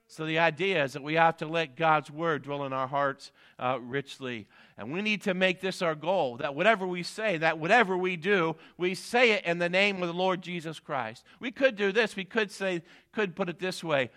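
A middle-aged man preaching an evening sermon, his tone bright and forceful. He swings between emphatic high peaks and low, quiet asides, punctuating points with "amen". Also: normal speed, few pauses. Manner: preaching with rising emphatic peaks, repeated "amen" and "guess what". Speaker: pastor.

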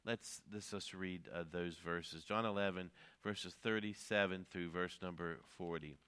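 A man's voice: low-pitched, fairly even intonation, a little slow, a bit bright, smooth. A middle-aged man preaching a sermon as a pastor, earnest, with frequent hesitations and sudden emphatic rises.

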